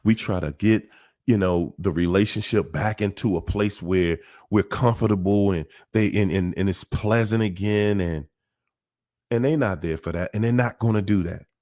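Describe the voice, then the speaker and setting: A man's voice: fairly low pitch, moderate pace, a little mellow. A man hosting a livestream, talking to viewers in a repetitive, emphatic, preachy way. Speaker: livestream host. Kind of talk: casual livestream talk.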